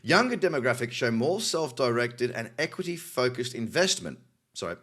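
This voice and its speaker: An Australian man hosts a news roundup in a casual, talkative way. His voice sits at an ordinary middle pitch, and he breaks off from reading to add wry, cynical comments. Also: big pitch swings, normal speed, a bit bright. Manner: cynical, chatty asides while reading articles. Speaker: crypto news host.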